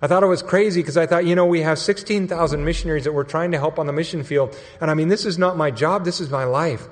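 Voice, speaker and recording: A man's voice: fairly high pitch, fast. Earnest storyteller man in a reverberant hall. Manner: conversational, earnest storytelling with quoted dialogue. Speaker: mission staff speaker. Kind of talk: sermon storytelling.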